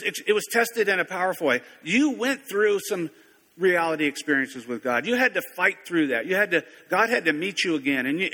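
A man's voice: high voice, sharp tone. A man preaching a sermon in a conversational, folksy way, often correcting himself mid-sentence. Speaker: pastor. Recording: long reverb of a large hall.

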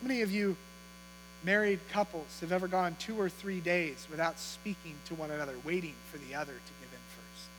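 A man's voice: fairly high pitch, brisk. A man preaching to his congregation, talking in a conversational, humorous way and teasing them with questions. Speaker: pastor. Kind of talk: sermon. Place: church auditorium. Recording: long hall reverb with faint mains hum.

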